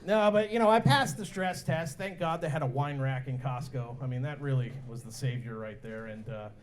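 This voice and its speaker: A man's voice: normal speed, a little hiss or hum. A man performing a stand-up comedy set at a bar, telling stories and jumping into voices for the people in them. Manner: animated, jumps into high-pitched voices for other characters. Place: bar and grill comedy night.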